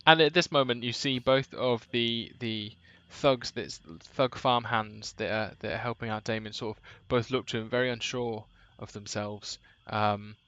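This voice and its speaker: A man narrating as game master, hesitant and full of pauses and restarts. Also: medium pitch, fairly even intonation, bright, forceful tone, highs cut off. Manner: hesitant, many ums and restarts.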